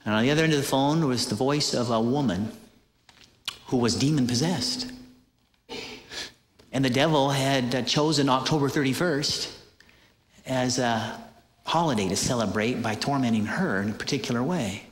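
A man preaching a sermon, telling a story in an animated way with many hesitant fillers. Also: mid-range voice, normal speed, pauses often. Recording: echoey hall with long reverb.

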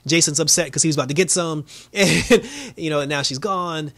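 A man's voice: on the high side, a little fast, a bit bright, no echo. A man casually recapping a TV episode, talking loosely with many fillers and breaking into laughter now and then. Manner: loose, lots of fillers, laughs often, acts out quotes. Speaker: show reviewer.

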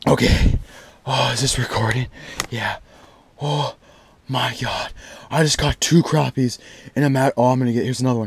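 A young man vlogging outdoors on a frozen lake, casually talking to his viewers and getting excited. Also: medium pitch, moderate pace, gravelly, long pauses, slightly rough. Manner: excitable, talks straight to viewers. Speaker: fishing vlogger. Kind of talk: casual vlog commentary.

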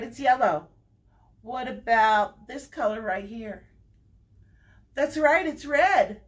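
Woman, children's librarian, story-time reader; fairly high, very lively pitch, slow and sing-song, coaxes kids to join in. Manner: asks children to join in with animal sounds. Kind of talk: online storytime read-aloud.

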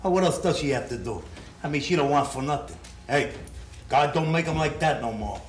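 A man's voice: fairly high pitch, lively intonation, a little fast, lightly acted. A man acting as a brash young loan shark who trades insults and gives orders. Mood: reflective. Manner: blustering, insulting, then soothing. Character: young male loan shark, brash, bossy, quick-tempered. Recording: echoey room.

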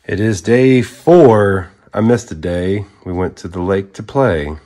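A man's voice: low-pitched, slow, mellow. A man narrating his truck project in a casual DIY video, with a folksy showman greeting and running commentary on the work. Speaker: truck vlogger.

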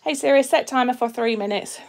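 A woman's voice: a little high, brisk. A woman with a Yorkshire accent and a slight Australian twang, chatting casually to viewers on a live stream as she demonstrates her craft, greeting people and reading out their comments. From Yorkshire, England. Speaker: resin artist hosting a live stream.

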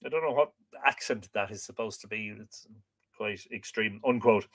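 A man's voice: lowish voice, moderate pace, fairly bright tone. A man hosting a live show. He reads a folklore book aloud and breaks off to chat casually with viewer comments, often hesitating with 'uh'. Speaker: podcast host.

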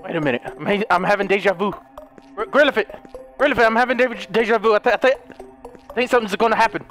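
A high-pitched young man reacting to a game in a frantic comedic commentary. He pleads, shouts and laughs through each round while faint music plays underneath. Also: quick pace. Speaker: gaming video host. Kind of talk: comedic let's play commentary.

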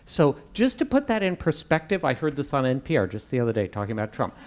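A man's voice: medium pitch, big pitch swings, quick pace. A man, a former ambassador, making his case in a public debate and repeating key points for emphasis.

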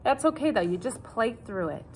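A woman's voice: fairly high pitch, lively intonation, moderate pace, a little mellow, husky. A woman teaching a cello lesson, counting in and calling out notes, patient and self-joking. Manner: patient, repeats instructions, jokes about herself. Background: cello playing along.

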